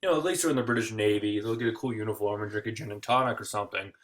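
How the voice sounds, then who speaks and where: A man voicing a cautious male statesman who placates in a hurried way. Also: on the low side, fairly bright tone, close to an everyday voice. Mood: placating.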